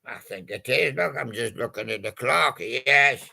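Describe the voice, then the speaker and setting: A male host with a very gravelly, heavily creaky voice that is also strikingly bright and forceful. He takes his time, drawling through jokey puns on old song titles. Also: mid-range voice, lively intonation, a little slow. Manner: punning, jokey, chuckles at his own gags. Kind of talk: playful patter about old song titles.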